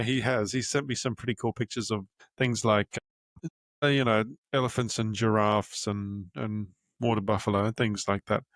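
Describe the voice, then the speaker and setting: A man's voice: medium pitch, no room sound, clean studio sound. A young man hosting a podcast, reading aloud from his own book with casual, candid asides and the odd swear word. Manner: candid and casual, swears freely, stops to find his place. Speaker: podcast host and author.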